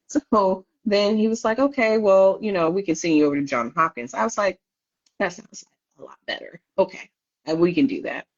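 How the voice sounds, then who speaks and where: A woman's voice: medium pitch, moderate pace. A woman guest telling her own story in a candid interview, laughing often and acting out what others said. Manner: lively, laughing, acts out voices of others. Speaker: podcast guest. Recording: slightly dull lo-fi audio.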